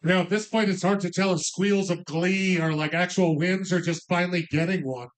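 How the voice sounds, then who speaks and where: A man calling bingo numbers in a bar, drawing each number out slowly between joking asides to the players. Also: sits high, fairly even intonation. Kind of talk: live bingo calling with banter.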